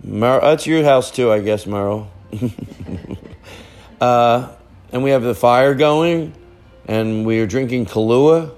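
A man's voice: mid-range voice, slow, long pauses, a little mellow, soft background music. A man hosting a podcast from a family living room, telling a rambling, joking story in casual chat. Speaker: podcast host.

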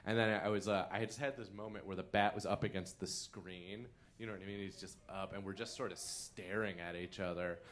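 A man's voice: low voice, fairly even intonation, fairly quick, hardly any pauses, fairly bright tone. A man doing comic storytelling on a podcast, laughing mid-sentence and acting out quotes with big jumps in voice. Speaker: comedian guest. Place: theater stage.

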